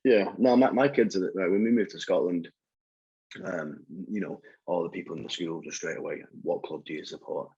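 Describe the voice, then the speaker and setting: A man's voice: low-pitched, moderate pace, mellow, husky, highs cut off. A man from Salford with a Salford accent, a podcast guest talking in an easygoing, laid-back way. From Salford, England. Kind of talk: casual chat.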